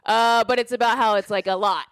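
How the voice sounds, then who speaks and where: A woman in her forties, a comedian guest on a podcast, chatting casually, laughing often and trailing into fillers as she pitches a joke. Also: fairly even intonation, brisk. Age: 40s.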